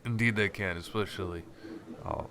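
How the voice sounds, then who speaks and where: A man doing a gruff bald vampire henchman. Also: on the low side, moderate pace, background noise, close to an everyday voice.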